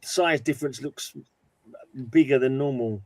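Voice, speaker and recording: A man's voice: mid-range voice, a little slow, a little mellow, no echo. Man, inquisitive, casual talk, dry close sound. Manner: curious, asks questions. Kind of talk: casual chat.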